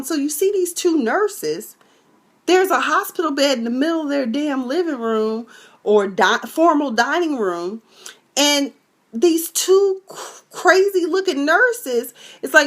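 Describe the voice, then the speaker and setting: Her fairly high voice has lively intonation and a measured pace as this Texan woman recaps a TV episode. The recap is animated and casual, sassy and full of exclamations, with scenes acted out in many character voices.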